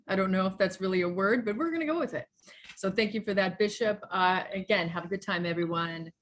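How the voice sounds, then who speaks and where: Earnest low-voiced woman pastor. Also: a bit bright, a little hiss or hum. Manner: earnest, preacherly, thanks people by name. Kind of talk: online church service. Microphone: video call.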